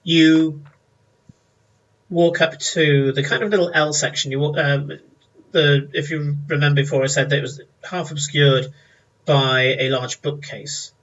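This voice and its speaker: A man's voice: fairly high pitch, fairly even intonation, normal speed, fairly bright tone, highs cut off. A man, narrating as game master, descriptive with many fillers.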